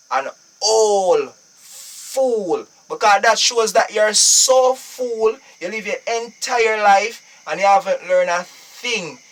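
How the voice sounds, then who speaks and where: High-voiced Jamaican man, preachy. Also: pushed and bright, far from the mic. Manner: preachy, emphatic, repeats phrases. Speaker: live streamer. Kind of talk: casual live-stream talk.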